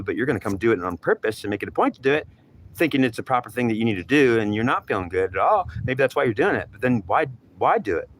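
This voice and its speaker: A man rants at a medium pitch in a heated, repetitive monologue, circling back over the same points again and again. Clear vehicle noise runs underneath his voice the whole time. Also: low-quality recording. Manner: ranting, repetitive, acts out both sides of an argument.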